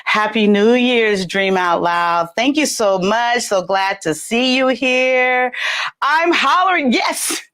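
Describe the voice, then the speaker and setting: A middle-aged woman with a Southern accent hosting a casual livestream, chatty and laughing often, with sudden jumps in pitch. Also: animated, slow, fairly bright tone. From California. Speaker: livestream host.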